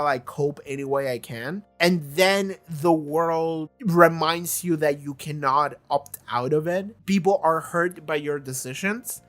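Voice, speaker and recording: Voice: medium pitch, a bit bright. A young adult host talking through a TV season in a rambling, casual review, repeating words and filling with "like".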